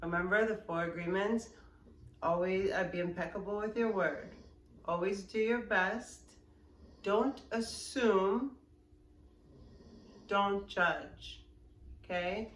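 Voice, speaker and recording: A woman's voice: mid-range voice, slow, long pauses, a bit bright. A woman in her forties talking casually to camera as a yoga vlogger, frank and rambling, with many fillers and restarts. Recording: roomy sound from a distance with faint background noise.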